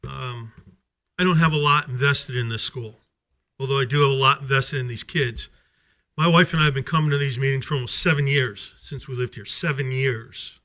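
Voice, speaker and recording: A man's voice: medium pitch, steady tone, moderate pace, pushed and bright. A man giving an angry, accusatory public comment at a school board meeting, full of rhetorical questions.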